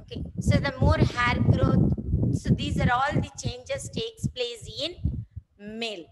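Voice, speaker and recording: A woman teaching an online biology class, going slowly through terms and spelling them out. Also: high voice, fairly even intonation. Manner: slow, repeats and spells terms for students. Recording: loud background noise.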